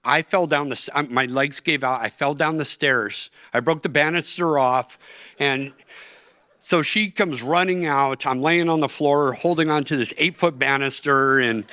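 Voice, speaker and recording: A man's voice: fairly high pitch, normal speed, bright, forceful tone, dry recording. A middle-aged man telling an emotional personal story as a guest at a conference, earnest, his voice catching at times.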